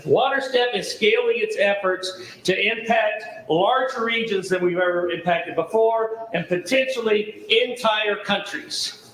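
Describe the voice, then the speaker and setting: A man's voice: high voice, a little slow, a bit bright, reverberant, low-quality recording. Folksy, enthusiastic Southern man. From American South. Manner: enthusiastic, folksy, rhetorical questions. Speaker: charity founder giving a welcome speech. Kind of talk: public speech at an event.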